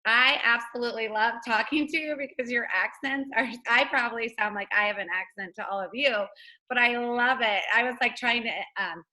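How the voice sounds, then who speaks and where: A woman's voice: fairly high pitch, brisk, bright, forceful tone, low-quality recording. A woman hosting a casual team video call, chatty and upbeat, laughing often.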